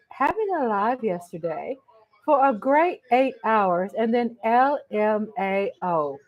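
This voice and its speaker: A woman's voice: mid-range voice, highs cut off. A woman hosting a casual live chat, greeting viewers by name and laughing often. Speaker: livestream host.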